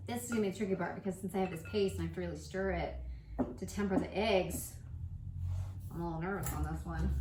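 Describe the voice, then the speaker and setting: A woman's voice: on the low side, fairly even intonation, fast talker. A young woman hosting a casual home baking show, walking through a recipe with playful, self-mocking asides in her kitchen. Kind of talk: casual cooking tutorial. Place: home kitchen with construction noise outside. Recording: echoey kitchen with construction noise.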